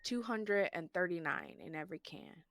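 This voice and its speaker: A woman's voice: fairly low pitch, lively intonation, moderate pace, fairly bright tone, dry recording, clean studio sound. A woman co-hosting a casual chat show, telling stories and laughing often. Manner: giggly, storytelling, laughs often. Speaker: podcast co-host.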